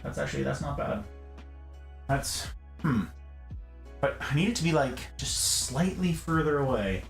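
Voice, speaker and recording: A young man hosts a casual livestream while doing chores, joking with chat and greeting viewers by name. His voice is a little high, gravelly, expressive, and unhurried. The room is echoey, with music playing underneath.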